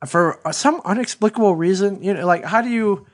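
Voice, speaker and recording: Man, podcast co-host, casual rambling storyteller, swears freely, fairly high voice. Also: brisk. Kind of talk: casual chat.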